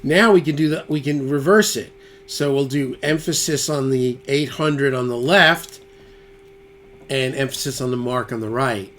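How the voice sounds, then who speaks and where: This is casual studio demo talk from a man, a guitarist walking through his guitar tone. He speaks at a normal speed in a mid-range voice, thinking out loud and trailing away mid-adjustment while electric guitar plays back loudly.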